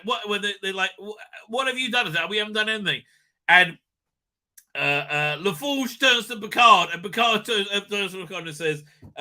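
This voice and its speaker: A man hosting a live stream, rambling excitedly with lots of fillers and tag questions. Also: fairly high pitch. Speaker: show host. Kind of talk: live-stream fan commentary.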